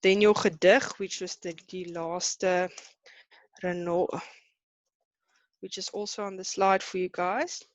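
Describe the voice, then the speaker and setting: A woman with a South African accent teaching an online class, chatty and brisk, hurrying her students along. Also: on the low side, fairly even intonation, no echo, highs cut off. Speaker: Afrikaans teacher.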